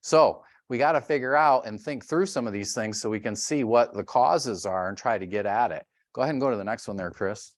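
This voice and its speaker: A middle-aged man giving a health workshop, telling animated stories and acting out sounds and voices. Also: on the low side, a little fast, hardly any pauses, no echo, studio quality. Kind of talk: lively workshop talk.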